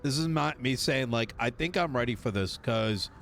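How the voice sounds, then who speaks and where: In a role-play server, a man plays a mechanic and tow driver, telling a story in character, acting out other people's lines and swearing casually. His mid-range voice is gravelly and a bit bright, at a normal pace, with slight background noise.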